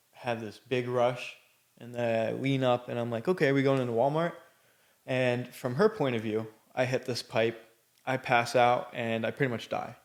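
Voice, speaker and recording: A man with a gravelly, creaky voice hosts a podcast and tells his own story. He talks bluntly and casually, drifting through fillers and swearing freely. His voice sits at an ordinary middle pitch. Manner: candid and blunt, with frequent swearing; loose, rambling delivery full of fillers. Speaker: podcast host. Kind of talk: personal storytelling.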